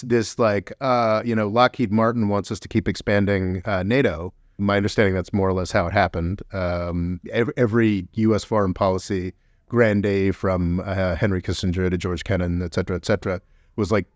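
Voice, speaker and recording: A man co-hosting a podcast in casual political chat, animated and heated, mocking others in quick put-on voices. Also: lowish voice, dry recording, clean studio sound. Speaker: podcast co-host.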